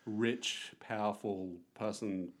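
A man's voice: fairly low pitch, little pitch movement, slow pace. A man co-hosting a casual podcast chat, playful and rambling, often restarting his phrases. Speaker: podcast co-host.

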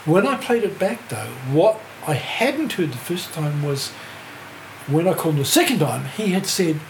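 An older music writer with a New Zealand accent guests on a podcast, recounting a rambling tale with lots of laughter and free profanity. His fairly high voice is very animated and moves at normal speed. The space echoes and there's a faint hiss.

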